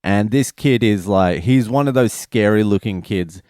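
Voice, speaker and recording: A man's voice: on the low side, moderate pace, dry recording, studio quality. A man, a father, telling a family story in a casual, profane, rambling vlog. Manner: profane, rambling, animated retelling.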